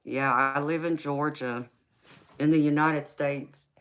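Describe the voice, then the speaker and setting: On her livestream, a middle-aged tarot reader from California chats in a Southern accent, reading comments and laughing often while calling people sweetheart and honey. Her low, fairly bright voice stays fairly even and takes things slowly.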